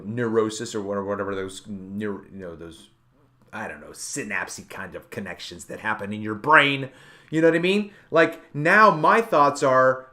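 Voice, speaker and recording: A man talking casually as the host of a hangout show, circling around his point. He rambles and restarts often, thinking out loud as he goes. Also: mid-range voice. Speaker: podcast host. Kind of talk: casual chat.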